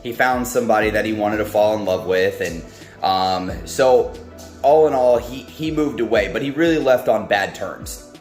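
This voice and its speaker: Man with a relaxed devotional storytelling style, rambling, in a roomy room with faint music under it. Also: fairly low pitch, normal speed. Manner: rambling, full of ums and restarts. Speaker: speaker of a devotional talk. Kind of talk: casual Bible storytelling.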